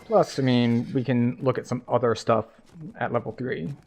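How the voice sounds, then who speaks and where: A man's voice: mid-range voice, moderate pace, darkish tone. A man streaming a game, casually thinking aloud as he plays. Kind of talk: casual gameplay commentary.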